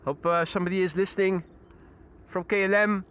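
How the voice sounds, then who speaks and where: Male host, high voice, chatty outdoor live commentary. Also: fairly even intonation, fairly quick, a bit bright, slight background noise. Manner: chatty, greets viewers, frequent fillers. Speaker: live stream host, plane spotter. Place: outdoors near airport runway.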